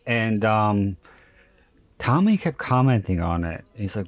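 A man's voice: lowish voice, big pitch swings, slow pace, no room sound. A man hosting a podcast, telling stories in a casual chat and laughing often as he goes. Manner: chatty storyteller, laughs often. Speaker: podcast host.

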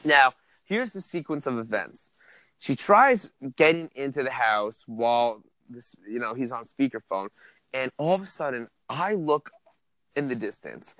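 A man's voice: mid-range voice, sharp tone, no room sound. A man telling a profane story on a comedy podcast, laughing through it.

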